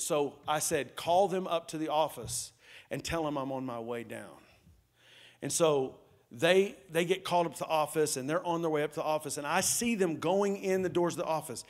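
A man, a pastor preaching a sermon who tells stories and acts out the quotes loudly. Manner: storytelling, acts out quotes with rising pitch and loudness.

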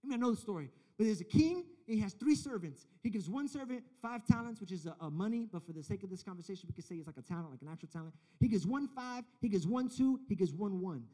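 A youth pastor preaching a casual, story-driven sermon. He acts out dialogue and builds to loud, emphatic points. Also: high-pitched, expressive, fast, hardly any pauses.

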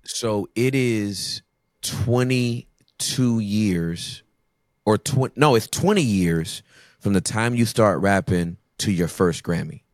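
A man talking as a podcast guest, telling emphatic, animated stories in casual conversation. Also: on the low side, takes it slowly, no room sound, studio quality.

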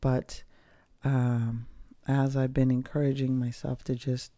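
Candid podcast host, reflective personal talk; mellow, gravelly, close and dry. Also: medium pitch, flat delivery, dry recording. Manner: candid, casual, swears freely; slow, pausing delivery with fillers.

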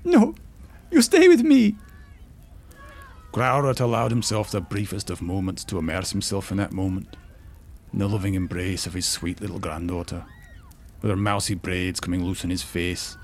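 Male storyteller with a very low voice, measured fantasy narration. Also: flat delivery, slight background noise. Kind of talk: audiobook-style fantasy story reading.

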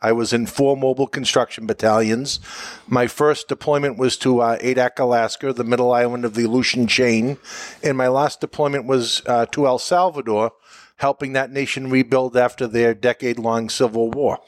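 A middle-aged man speaking at a middle pitch, unhurried and measured, sprinkling his stories with "uh". The sound is dry and close, with no room around it. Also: fairly even intonation, dry recording. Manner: measured, pausing often with "uh". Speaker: veteran guest and interviewer of veterans. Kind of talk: relaxed interview answers, storytelling.

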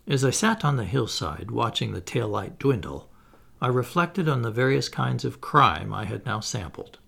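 A man reading a classic novel aloud as scripted audiobook narration, in an expressive storytelling manner. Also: normal speed, gravelly, slightly rough. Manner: lively, expressive reading with animated pitch. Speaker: audiobook reader.

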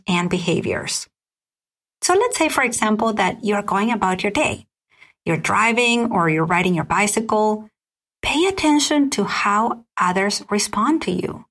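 A woman hosting a solo podcast, calmly walking listeners through a list of questions at a measured pace. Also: mid-range voice. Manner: calm, measured, lists questions one by one. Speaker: podcast host. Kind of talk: scripted solo podcast teaching.

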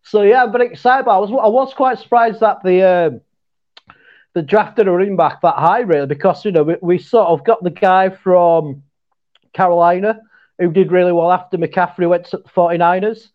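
A man's voice: sits high, normal speed. A man with a Yorkshire accent from England, a guest chatting casually, joking, laughing often and trailing off mid-sentence. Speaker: podcast guest. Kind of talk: casual chat. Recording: dull lo-fi call audio.

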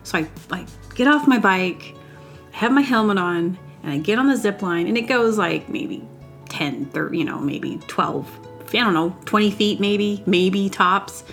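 A woman's voice: medium pitch, lively intonation, unhurried, fairly bright tone, soft background music. A woman telling a rambling personal story in a casual solo vlog, upbeat and giggly, with lots of "like" fillers. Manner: rambling, chatty, full of "like" fillers.

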